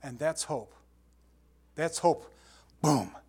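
Older man preaching, animated and chatty. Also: a little high, very slow, husky. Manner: animated storytelling with sound effects and asides. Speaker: pastor. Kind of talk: sermon.

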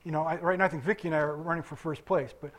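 High-voiced man preaching a sermon. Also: steady tone, racing. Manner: conversational preaching with asides and chuckles. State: limping after surgery. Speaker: pastor.

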